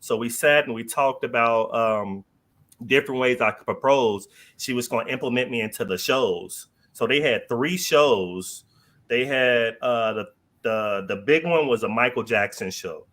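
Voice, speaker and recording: Bright-voiced man telling a story casually. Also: mid-range voice, measured pace. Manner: loose and slangy, heavy on fillers, laughs while telling. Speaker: podcast guest.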